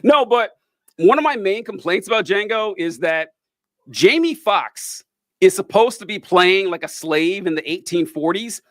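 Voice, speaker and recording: High-voiced man, dry close sound. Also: animated, a little slow, no room sound. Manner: rambling, self-interrupting, wry. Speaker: podcast co-host. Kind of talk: casual movie review chat.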